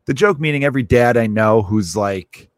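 A man in his thirties, a comedian hosting his own show, rambles profanely through a casual comic monologue and acts out little scenes, doing the voices of people he quotes. His voice is medium-pitched with lively intonation at a normal speed. The recording is dry and studio quality.

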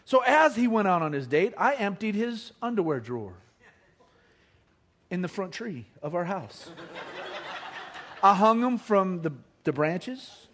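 A man's voice: sits high, measured pace, pauses often. A middle-aged man telling a comic family story to an audience, acting out the voices of his relatives. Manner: animated, acts out family members' voices.

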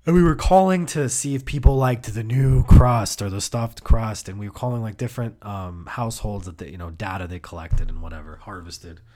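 A man hosts his own podcast, rambling through profane, comedic stories in a laid-back, casual way. His voice is fairly low with a dark tone, and he talks briskly with few pauses; the studio-quality recording has no room sound.

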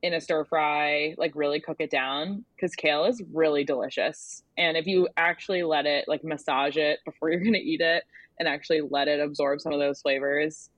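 A woman food creator guesting on a podcast, upbeat and relaxed, laughing often as she chats. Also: low-pitched, normal speed, no echo. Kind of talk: casual interview chat.

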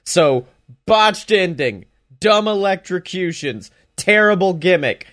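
A man's voice: high voice, expressive, slow pace, fairly bright tone. A man giving a casual, sarcastic recap of a wrestling show, laughing as he mocks it. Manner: sarcastic, mocking, laughs while talking.

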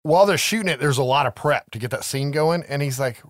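A man with a fairly high voice races through a horror movie scene by scene, swearing freely and acting out the characters' lines. It's profane, animated storytelling full of quoted voices, recorded dry with studio quality.

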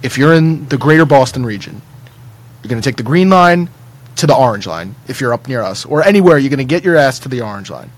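A man's voice: medium pitch, lively intonation, fast talker. A man co-hosting a casual sports podcast, making emphatic, confident predictions. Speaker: podcast co-host.

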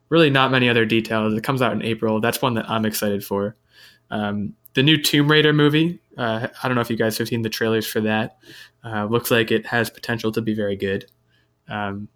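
Man, host, casual chat, relaxed, ums and uhs, mid-pitched voice. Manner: relaxed, lots of fillers, reading from an article. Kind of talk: casual chat about upcoming movies.

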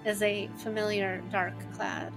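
A woman narrating as game master of a tabletop role-playing game, animated, with loose fillers and frequent laughter. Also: mid-range voice, unhurried, vocal fry, faint music behind.

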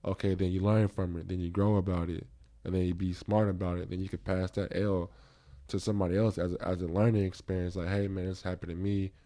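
A man's voice: deep voice, level tone, quick pace, dark tone. A man hosting a podcast in casual chat, reflective and rambling, with many fillers and restarts. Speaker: podcast host.

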